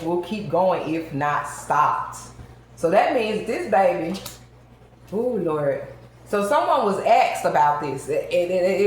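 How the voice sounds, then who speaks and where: A woman with a lowish voice reads tarot cards for her viewers. She is emphatic and talks straight to her audience. Her voice rings around a very echoey room with a faint hiss underneath. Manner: emphatic, addresses viewers directly. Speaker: tarot reader.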